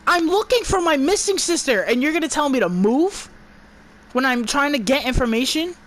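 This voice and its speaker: A woman's voice: sits high, lively intonation, normal speed, fairly bright tone. A woman giving an exasperated, profane movie review, stumbling and restarting her words as she rants.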